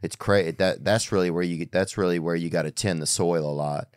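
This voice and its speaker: A man's voice: low-pitched, fairly even intonation, brisk, clear, resonant tone, no room sound, clean studio sound. A man hosting a podcast in casual chat, talking in a loose, candid, rambling way. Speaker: podcast host.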